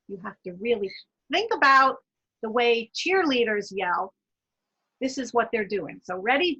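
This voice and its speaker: A woman with a bright, slightly husky, fairly high voice leads a guided laughter yoga lesson. She talks in a chatty, encouraging way and breaks into loud chanted laugh sounds. The audio is dull and lo-fi, like an online talk recording. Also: expressive, moderate pace. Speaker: wellness presenter.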